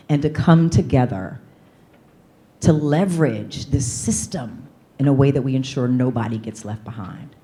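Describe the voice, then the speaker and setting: A woman speaker and coach giving a lively motivational keynote from a conference stage, leading the audience in call-and-response. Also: a bass voice.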